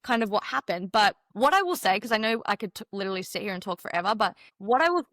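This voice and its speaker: A woman guest on a podcast interview, a mentor and former dancer, telling her story in an animated, emphatic way and acting out her own past thoughts. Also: mid-range voice, fast talker, no echo, studio quality.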